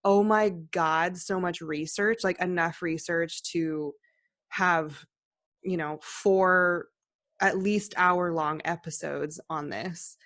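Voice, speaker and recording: A woman's voice: fairly low pitch, steady tone, takes it slowly, fairly bright tone, no echo, studio quality. A young woman co-hosting a podcast, chatting casually in a rambling, enthusiastic way with many restarts. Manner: rambling, self-interrupting, enthusiastic. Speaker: podcast co-host. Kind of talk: casual chat.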